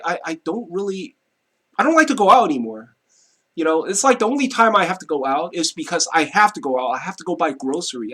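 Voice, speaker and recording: Husky rambling man, animated pitch. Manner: rambling, repeats himself, frequent "you know" and "right". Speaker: vlogger. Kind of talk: casual monologue to camera. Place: home, seated at his desk.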